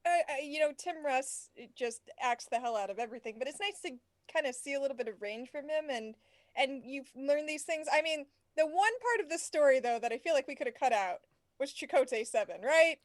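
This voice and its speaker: A woman's voice: sits high, fairly quick, no echo, clean studio sound. A woman co-hosting a podcast, talking casually with many fillers and some swearing. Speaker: podcast co-host. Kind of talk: casual chat.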